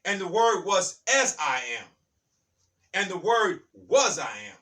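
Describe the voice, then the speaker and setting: A man with a bright, slightly high voice speaks an emphatic, repetitive spiritual monologue. He keeps circling back to his points and calls his listeners "baby". His voice sits a little back from the microphone. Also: big pitch swings, measured pace, distant mic. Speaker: channel host.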